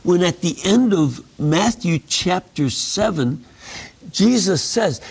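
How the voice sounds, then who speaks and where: A man leading a Bible study, reading scripture slowly and explaining it in a measured way, jumping up in pitch to stress a point. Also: big pitch swings, creaky, a little mellow, slightly rough.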